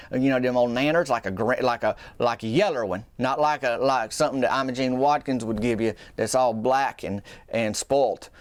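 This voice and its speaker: A man's voice: medium pitch, no room sound. A man telling a comic story in a rambling, folksy way, full of restarts and asides. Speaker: storyteller host.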